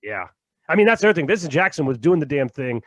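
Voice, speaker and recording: A man co-hosting a podcast in casual chat, loose and profane, laughing often and trailing off quietly at the ends of thoughts. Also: fairly high pitch, big pitch swings, quick pace, dry recording. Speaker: podcast co-host.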